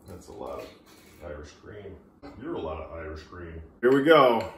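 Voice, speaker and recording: Irish music plays in an echoey room as a man records a casual drinking vlog, talking to himself in a chatty, self-mocking way. His low-pitched voice is very animated and a bit bright, at a moderate pace.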